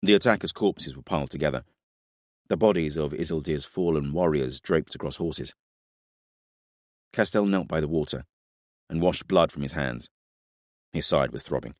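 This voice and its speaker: A man narrates a fantasy audiobook in a very low voice. His reading is measured and dramatic. The recording is dry and close, with no room sound. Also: darkish tone, no room sound.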